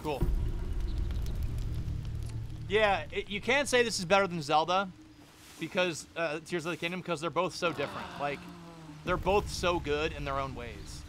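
A man's voice: on the high side, normal speed, pauses often, a bit bright, slight background noise. A young man streaming a game, giving casual, chatty and joking commentary.

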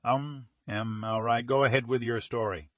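A man voicing a gruff middle-aged police inspector who talks in a brisk, commanding way, read as an audiobook character. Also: mid-range voice, fairly even intonation, a bit bright, dry recording, natural voice.

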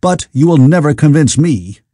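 A man's voice: on the high side, animated, normal speed, warm tone, no echo, studio quality, pitched above the performer's own voice. A man doing a scoffing Victorian skeptic.

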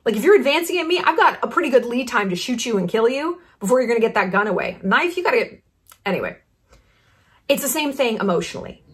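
A fairly high, sing-song female voice carries this vlogger's monologue. In her thirties and commenting on YouTube, she's brash, blunt and sarcastic, slipping in quick asides as she gives her opinion.

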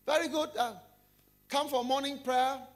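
A preacher voicing a self-satisfied, churchgoing banker who prays showily in a high, sing-song voice. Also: male voice, fairly even intonation, unhurried. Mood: cheery pious. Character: smug, pious man, a banker.

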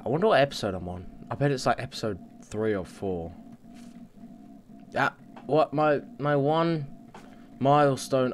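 A man's voice: fairly low pitch, slight background noise. Rambling, cussing let's play guy. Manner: rambling, swears freely, talks to himself. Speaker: gaming channel host. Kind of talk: casual let's play commentary.

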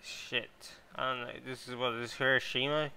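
A man hosting his gaming channel, chatting casually as he plays, getting excitable, thinking out loud and swearing freely. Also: medium pitch, normal speed, clear, resonant tone. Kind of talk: casual gameplay commentary.

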